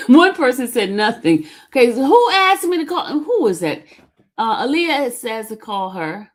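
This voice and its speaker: A woman's voice: fairly high pitch, sing-song, unhurried. A woman hosting a casual live stream, teasing her chat and laughing often. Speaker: livestream host.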